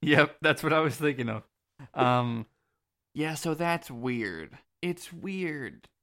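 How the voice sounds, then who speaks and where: A man's voice: fairly high pitch, lively intonation, takes it slowly, sharp tone. A man co-hosting a casual podcast, laid-back, with crude jokes and lots of ums. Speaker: podcast co-host. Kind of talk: casual game-recap chat.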